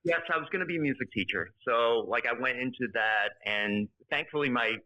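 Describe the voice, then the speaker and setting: A man's voice: mid-range voice, brisk, pushed and bright, poor audio. A man from Canada, a podcast guest chatting casually in a joking, rambling way. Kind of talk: casual chat.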